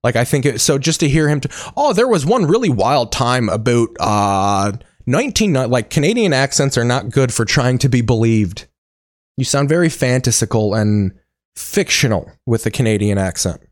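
A man's voice: medium pitch, big pitch swings, moderate pace, no room sound. A man riffing as a comedy host in a crude, sarcastic tone, dropping swears freely. His voice is dry and close, with no room sound around it. The delivery is loose and mocking.

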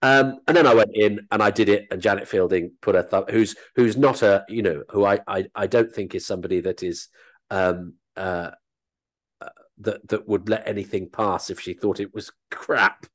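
A man who works as an actor and comedian, telling animated, self-deprecating anecdotes as an interview guest. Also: on the low side, normal speed.

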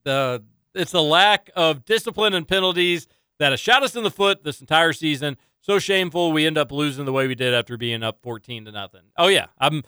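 A man's voice: on the high side, fairly quick, hardly any pauses, clear, resonant tone, no room sound, studio quality. A young man hosting a casual sports talk show, ranting with strong opinions. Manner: opinionated, animated rants. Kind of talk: casual sports radio chat.

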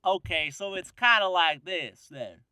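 Bright dry-voiced man reading quizzes. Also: sits high, lively intonation, measured pace, clear, resonant tone, no echo. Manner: playful, reads quiz questions aloud. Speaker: podcast co-host. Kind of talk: casual chat.

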